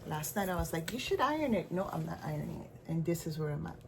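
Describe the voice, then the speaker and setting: A woman with a Caribbean accent and a slightly low voice, talking in a loose, rambling show-and-tell way. She circles back and restarts her sentences often. A faint hiss sits under her voice. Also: level tone, fast, creaky. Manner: chatty and rambling, with frequent restarts and asides. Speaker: stitching vlogger. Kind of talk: casual show-and-tell chat.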